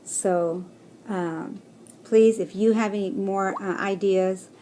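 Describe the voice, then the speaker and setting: A woman's voice: medium pitch, fairly even intonation, slow, slight background noise. Chatty woman vlogging about stress. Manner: chatty, rambling, with fillers and soft laughs; encouraging, speaks to viewers directly. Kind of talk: casual personal vlog.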